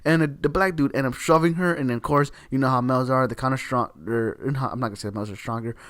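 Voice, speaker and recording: A man's voice: medium pitch, quick pace, fairly bright tone, no room sound, clean studio sound. A man ranting to camera in a heated, repetitive way, swearing often and leaning on the same words again and again. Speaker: video creator. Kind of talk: opinion rant to camera.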